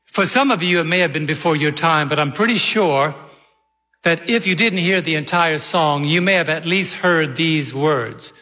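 A man in his sixties, a pastor preaching a sermon, who leans slowly on key words and quizzes his congregation. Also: a little high, pushed and bright. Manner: slow, deliberate emphasis, quizzes the congregation. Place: church sanctuary. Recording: echoey hall, dull sound.

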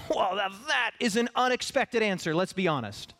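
A man preaching a sermon, animated and full of rhetorical questions, acting out the voices of the people he talks about. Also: extremely high pitch, brisk, hardly any pauses. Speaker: pastor.

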